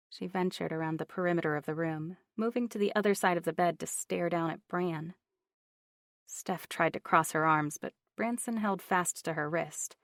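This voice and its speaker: In a lowish voice, a woman narrates a novel for an audiobook, keeping her scripted delivery even and measured. The sound is dry and studio-clean.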